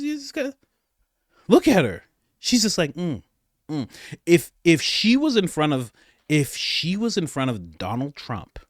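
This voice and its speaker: A man's voice: medium pitch, no echo, clean studio sound. A man hosting a podcast, giving comedic political commentary in a sarcastic, mocking rant. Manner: sarcastic, mocking, animated ranting. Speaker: podcast host.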